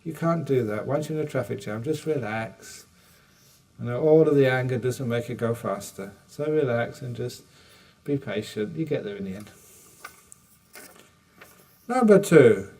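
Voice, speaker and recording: A man's voice: medium pitch, lively intonation, normal speed, pauses often, a little mellow. An older man gives a dharma talk in a retreat hall. He takes questions with humor and acts out little dialogues. The mic sits some distance from him, so his voice sounds a bit far off. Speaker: meditation teacher.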